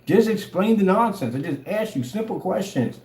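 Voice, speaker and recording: A man's voice: sits high, animated, moderate pace, a little mellow, reverberant. A man ranting in a mocking, confrontational way, addressing a rival in a vlog. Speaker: vlogger. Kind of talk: ranting commentary.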